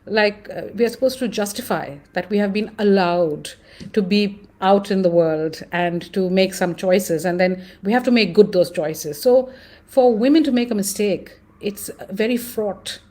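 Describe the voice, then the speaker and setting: A woman with an Indian English accent, speaking as a guest in an interview, thoughtful and animated, often pausing with fillers. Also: medium pitch. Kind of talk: conversational interview.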